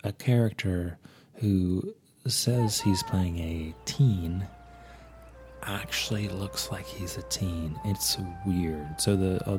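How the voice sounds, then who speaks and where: A man reviewing a movie in a comic, rambling monologue, holding a low, put-on sultry persona voice with many fillers. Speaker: podcast film reviewer.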